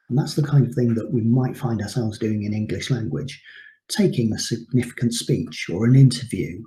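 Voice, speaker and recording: A man's voice: medium pitch, warm tone. A man teaching a recorded English lesson, explaining terms patiently with frequent ums. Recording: echoey room.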